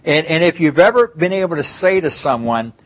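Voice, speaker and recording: A man's voice: on the high side, lively intonation, brisk, lo-fi sound. A man preaching a conversational Bible-teaching sermon, often repeating and restarting his phrases.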